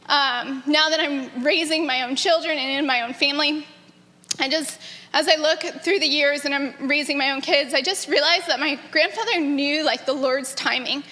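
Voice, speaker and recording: A woman in her thirties giving an earnest, animated personal testimony about her grandfather to a gathering, often breaking into laughter. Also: sits high. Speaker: granddaughter sharing memories. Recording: echoey hall.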